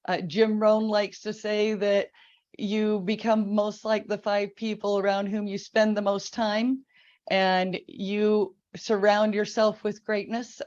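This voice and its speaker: A woman's voice: medium pitch, a little mellow, dull audio. A woman hosting an interview, enthusiastic and affirming toward her guest. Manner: enthusiastic, affirming, laughs easily. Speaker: podcast host. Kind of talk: interview chat.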